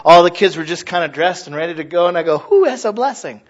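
A pastor preaching a sermon to his congregation, talking conversationally, dropping to hushed asides and rising to loud exhortation, acting out prayers and remembered conversations. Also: high voice, animated, quick pace, few pauses. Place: church service.

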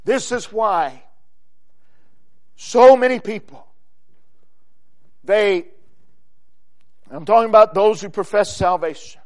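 A male preacher with a very high voice delivers a sermon at an unhurried pace. He is emphatic, rising to loud exclamations and then dropping to quiet, low phrases. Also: animated.

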